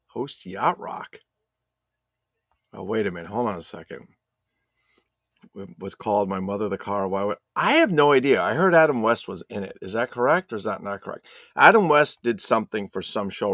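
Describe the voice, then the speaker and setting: Gravelly low-voiced man hosting a live stream. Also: a bit bright, no echo, studio quality. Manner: loose and joking, swears, reads viewer chat aloud. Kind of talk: casual live stream chat. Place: home streaming setup.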